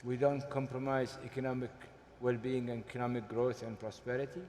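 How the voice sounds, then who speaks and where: A man speaking on a forum panel, deliberate and emphatic, pausing often with hesitations. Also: medium pitch, level tone, a little mellow, a little hiss or hum. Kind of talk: panel discussion. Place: large conference hall. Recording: hall reverb, faint ambience.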